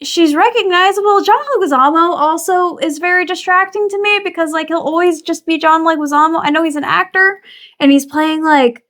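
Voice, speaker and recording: A woman's voice: very high voice, fairly quick, fairly bright tone. A woman co-hosting a movie review chat, chatty and full of "like". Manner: chatty, fills with "like". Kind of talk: casual chat.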